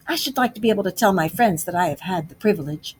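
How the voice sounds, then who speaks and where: A woman voicing a conceited, excitable male toad in a storybook reading, raising her voice for him. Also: fairly low pitch, quick pace, slight background noise, lightly acted. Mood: scheming. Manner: conceited, excitable, swings between feeble and shouting. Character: boastful reckless male toad, disguised as washerwoman.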